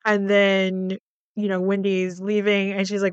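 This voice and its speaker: A woman's voice: mid-range voice, completely flat delivery, measured pace, smooth, no echo, lo-fi sound. A woman hosting a podcast, recapping a film in a casual, chatty way, full of "like" fillers and freely swearing. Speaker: podcast host.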